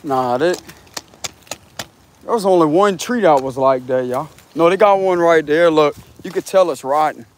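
A tarot reader with a somewhat high voice and a moderate pace strolls along a wooded trail outdoors. He chats with his viewers in a relaxed, slangy, foul-mouthed way and laughs a lot, like a casual walking vlog.

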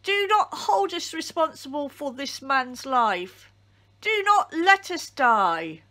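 A woman's voice: fairly high pitch, huge pitch swings, slow, fairly bright tone, exaggerated voice. A woman voicing a group of terrified sailors who ask frantic questions and plead in a storybook reading.

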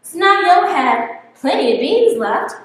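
A woman telling a folktale to a church congregation in a lively, sing-song way. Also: very high-pitched, measured pace. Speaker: folktale storyteller. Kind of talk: oral storytelling to a congregation. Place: church sanctuary. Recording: echoey hall from far off.

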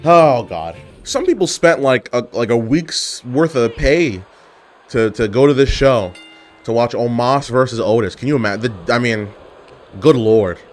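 A young man commentating his own wrestling game match with playful trash talk. His pitch swings widely as he jokes, hypes himself up and yells at the screen. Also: lively intonation, a little slow, faint music behind. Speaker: gaming YouTuber. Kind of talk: casual gameplay commentary.

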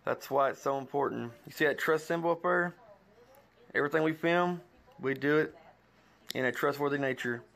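A man's voice: fairly high pitch, moderate pace, creaky, pauses often, a bit bright. A man in his thirties with a Kentucky Southern accent, reading a poem and then talking earnestly in a vlog, rambling and restarting his sentences. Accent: Kentucky Southern American. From Kentucky, USA. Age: 30s. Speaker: YouTuber. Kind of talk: poetry reading and heartfelt vlog talk. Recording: roomy echo with faint guitar music.

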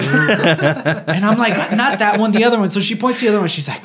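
Animated storytelling man, slightly high voice. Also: brisk, a crowd in the background. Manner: animated, swears freely, acts out quotes. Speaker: podcast co-host. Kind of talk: casual storytelling.

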